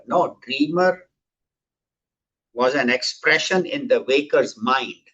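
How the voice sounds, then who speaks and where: A man's voice: fairly high pitch, animated, slow pace, breathy edge, lo-fi sound. A man teaching a scripture class, telling stories and acting out the characters in them. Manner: storytelling, acts out quoted characters. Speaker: spiritual teacher.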